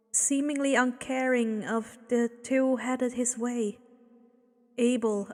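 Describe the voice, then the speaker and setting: A woman reading a fanfiction story aloud in a slow, measured storytelling manner. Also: on the high side, darkish tone, big-room sound. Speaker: fanfiction reader.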